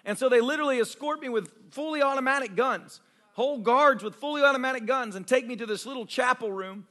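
A male pastor telling testimony stories in a sermon, excitable and animated, tumbling over his own words as he goes. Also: very high voice. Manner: excitable, animated storyteller with fast restarts. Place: church service.

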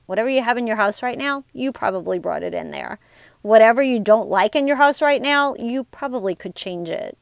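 A woman in her forties, a life coach, hosts a motivational podcast in a casual, upbeat, chatty style, often addressing listeners as "you guys." Her fairly high voice is brisk with lively intonation and vocal fry, recorded with no echo.

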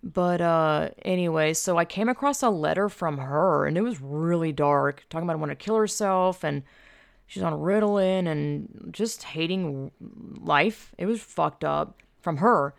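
Low, gravelly woman rambling casually. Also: unhurried, no room sound, clean studio sound. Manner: rambling, full of fillers and swearing. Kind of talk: casual storytelling monologue.

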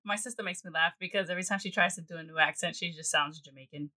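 A woman's voice: fairly low pitch, fast, pushed and bright. A woman co-hosting a casual book-club podcast, giggling as she tells stories and swearing casually. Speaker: podcast co-host.

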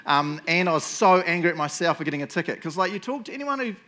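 A man's voice: high-pitched, big pitch swings, fast, bright, forceful tone. A man preaching a casual sermon, telling stories in a jokey, self-mocking way and teasing his listeners. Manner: jokey, self-mocking storyteller who teases the audience.

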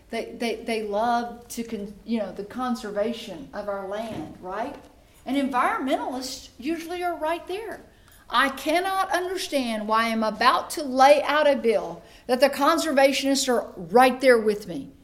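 Animated woman telling a story. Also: on the high side. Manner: storytelling with quoted voices and rising emphasis. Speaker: state senator. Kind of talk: animated political speech. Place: meeting room with an audience.

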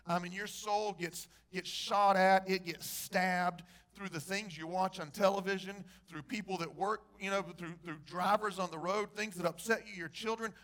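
Male pastor with a high voice, lively preaching that quizzes the congregation. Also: moderate pace, hardly any pauses. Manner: animated preacher, asks the congregation questions. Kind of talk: sermon.

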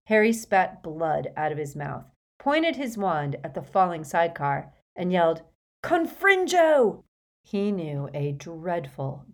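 A woman narrating an audiobook with a dramatic, expressive reading. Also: fairly low pitch. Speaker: audiobook reader.

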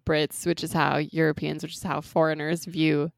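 An American woman co-hosting a casual podcast chat about song lyrics, talkative and quick to laugh, often acting out little quotes. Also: deep voice, level tone, gravelly, no room sound, clean studio sound. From United States. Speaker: podcast co-host.

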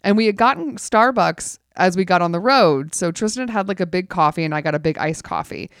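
A woman's voice: fairly low pitch, fairly quick, no echo. Casual host, woman, chatty and wry, packs her talk with fillers, dry close sound. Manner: chatty, animated, many "like" fillers; wry, laughs through the telling. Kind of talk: casual chat storytelling.

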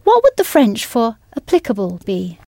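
A woman leads a scripted audio lesson in a patient, encouraging way. Her voice sits a little high and is recorded close and dry, with no room sound. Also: wildly swooping pitch, normal speed, vocal fry, mellow, dry recording. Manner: patient, encouraging, spells words letter by letter. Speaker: language teacher.

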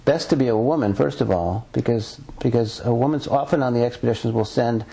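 In a rough recording, a man with a mid-range, gravelly, husky, dark voice speaks briskly as an author and researcher being interviewed. He talks earnestly but rambles, restarting often.

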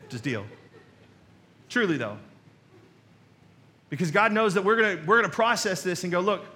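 A man's voice: fairly high pitch, sharp tone. A man preaching a sermon as pastor, conversational and emphatic, with joking asides, rhetorical questions and repeated key phrases.

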